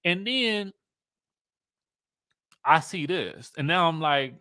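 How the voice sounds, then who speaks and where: Sassy, bright-voiced man, dry close sound. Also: fairly high pitch, takes it slowly, clean tone, dry recording. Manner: sassy, animated, playful drawl, repeats himself. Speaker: host. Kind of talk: casual live-stream commentary.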